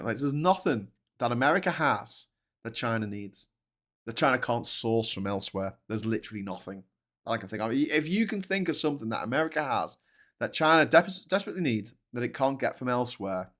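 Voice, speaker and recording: A man hosting a casual spoken commentary, rambling and animated with frequent restarts. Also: on the low side. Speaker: host.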